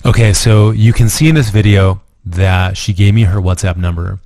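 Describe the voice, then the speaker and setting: Deep-voiced man explaining, dry sound. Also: normal speed, dark tone, no echo. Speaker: dating coach. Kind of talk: recorded course lesson.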